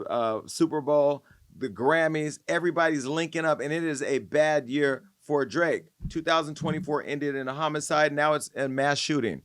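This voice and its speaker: A man hosting a podcast, giving casual, opinionated pop-culture commentary in an animated, gossipy way. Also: on the high side, no echo, clean studio sound. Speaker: podcast host.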